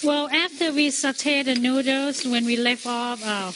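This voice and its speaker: A woman with a slightly high voice walks through how a dish is made, speaking earnestly and stopping now and then to find the next word. Food sizzles loudly in a pan behind her in a studio kitchen. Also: steady tone, very noisy. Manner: plain, earnest explaining with pauses. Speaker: restaurant owner. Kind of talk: on-air cooking demonstration.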